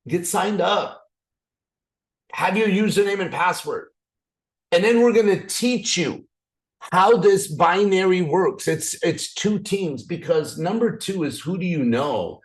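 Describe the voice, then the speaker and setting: A raspy man leading a motivational training call, excitable, swinging up and down and restarting his sentences often. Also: slow. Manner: excited, repetitive, frequent restarts; swings up and down in pitch. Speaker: business opportunity trainer.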